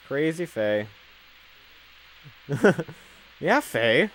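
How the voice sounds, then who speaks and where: A man's voice: a little high, slow, pauses often, a little hiss or hum. Chatty, jokey man commenting on a game. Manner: chatty and jokey, with loud excited outbursts. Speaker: let's play commentator. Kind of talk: casual video game commentary.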